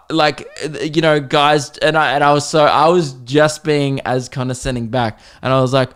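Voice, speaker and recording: An Australian man hosting a podcast, telling a comic story in an animated, sweary, exasperated way. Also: on the high side, normal speed, smooth. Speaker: podcast host. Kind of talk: comedic storytelling.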